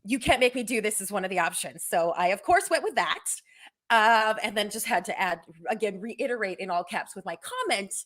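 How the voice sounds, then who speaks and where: Lively, animated woman co-host. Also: medium pitch, brisk. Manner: chatty, laughing, animated. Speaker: podcast co-host. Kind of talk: casual news chat.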